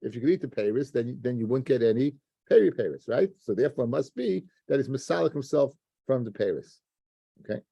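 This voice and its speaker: A man's voice: medium pitch, lively intonation, brisk, creaky, mellow, slightly rough, no room sound, muffled recording. A man teaching a daily Talmud class, explaining step by step and often restarting words as he addresses his listeners as guys.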